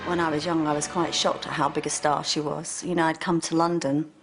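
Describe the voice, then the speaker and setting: A woman's voice: low voice, little pitch movement, a little fast, over loud music. A woman recalling childhood memories in an interview. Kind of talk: reminiscing interview.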